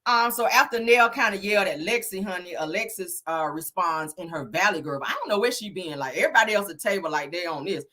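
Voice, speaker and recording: A woman recapping a reality show episode in a sassy, animated, slang-filled way. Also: on the low side, fast, few pauses. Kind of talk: casual chat.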